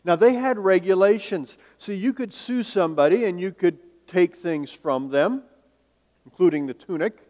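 A male pastor preaching a sermon in a church sanctuary. He asks rhetorical questions and swings between emphatic and hushed delivery. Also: sits high. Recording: long reverb of a large hall.

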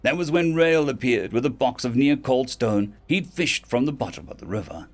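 A man reading a fantasy web novel aloud as an audiobook narrator, expressive and quick to shift into character voices. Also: mid-range voice.

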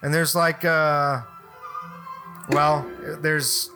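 Brief: man, slightly high voice, bright tone, loose profane storyteller, casual podcast chat. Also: level tone, drawn-out words, faint music behind. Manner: rambling, swears freely, frequent restarts. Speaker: podcast co-host telling a work story.

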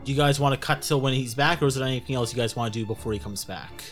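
A man running a tabletop role-playing game as game master, narrating slowly and asking the players quick questions. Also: medium pitch, soft background music.

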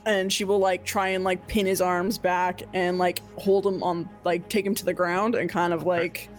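A woman's voice: fairly low pitch, level tone, normal speed, few pauses, faint music behind. A woman playing a tabletop game, describing her character's actions with hesitant ums. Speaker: player.

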